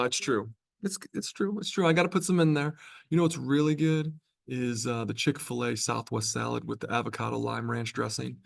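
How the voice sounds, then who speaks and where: Give me a chatty male college lecturer from New York, teaching in a classroom. His voice sits a touch higher than most men's. He keeps it conversational and keeps checking in with the students. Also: gravelly, fairly bright tone. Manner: conversational, chatty, with frequent tag questions.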